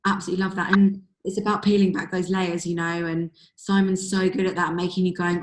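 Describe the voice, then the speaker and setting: A woman's voice: on the low side, level tone, fairly quick, few pauses. A woman with a strained voice leading a group video call, giving a rambling, gushing motivational pep talk. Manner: gushing, rambling, lots of likes and ums. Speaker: team leader hosting a group call. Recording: roomy echo on a call.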